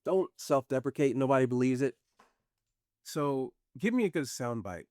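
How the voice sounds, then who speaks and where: A man's voice: mid-range voice, expressive, moderate pace, a little mellow, dry recording. American male podcast host, dry close sound, teasing and blunt. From United States. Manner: teasing, blunt, swears freely. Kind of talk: casual interview.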